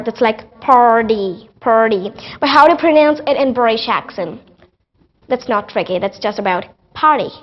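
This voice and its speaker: A teenage girl with an Indian accent explaining pronunciation as a TV guest, repeating example words slowly before explaining them. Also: fairly high pitch, muffled recording. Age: teens. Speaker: guest student.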